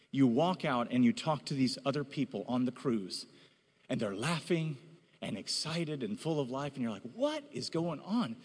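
Animated male pastor in an echoing hall. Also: medium pitch. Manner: animated, rising to emphatic exhortation. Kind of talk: sermon. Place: church hall. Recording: reverberant hall.

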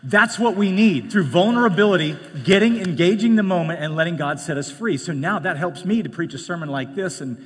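A man preaching a sermon in a conversational way, jumping from loud, emphatic lines to hushed ones and slipping in joking asides. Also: sits high, fairly quick, few pauses, slightly rough. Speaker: pastor. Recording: long reverb of a large hall.

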